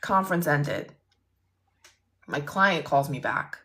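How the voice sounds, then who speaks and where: A woman's voice: low-pitched, animated, takes it slowly, pushed and bright. A woman attorney telling a story casually on a livestream, blunt and profane, speaking into a phone.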